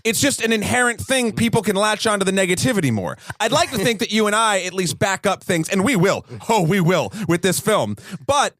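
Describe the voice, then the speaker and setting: A man's voice: high voice, very animated, a little fast, hardly any pauses, fairly bright tone, no room sound. A man co-hosting a movie podcast, ranting in casual, profane, opinionated chat. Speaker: podcast co-host. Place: podcast studio.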